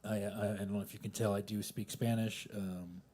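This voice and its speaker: A man in his thirties doing a self-deprecating open mic stand-up set in a coffee house, swinging between loud punchlines and mumbled asides. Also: on the low side, flat delivery, a little fast. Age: 30s. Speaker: stand-up comedian.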